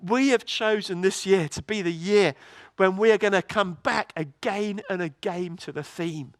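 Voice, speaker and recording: High-voiced man preaching a lively sermon. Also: moderate pace, no echo. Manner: lively, storytelling, many restarts and repeated words. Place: church.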